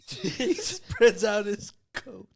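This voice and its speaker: A man's voice: sits high, vocal fry. A young man co-hosting a podcast, telling a crude story in casual chat and giggling as he goes. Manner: giggles through his own story. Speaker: podcast co-host.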